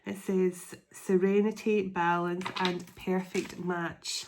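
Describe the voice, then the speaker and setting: A woman doing a spiritual tarot reading to camera, emotional and excitable, reading card texts aloud. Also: fairly low pitch, measured pace, few pauses, noisy background. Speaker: tarot reader.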